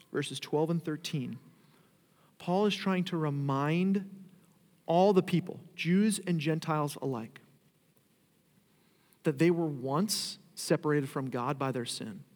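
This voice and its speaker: A man preaching a sermon as pastor, talking conversationally and rising into emphatic declarations. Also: a little high. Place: church sanctuary. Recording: long hall reverb.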